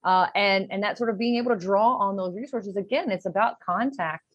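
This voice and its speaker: A woman's voice: medium pitch, brisk, no room sound. A woman, a linguistics professor, answering interview questions in an enthusiastic, explanatory way over a video call. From Louisville, Kentucky. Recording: slightly muffled video call audio.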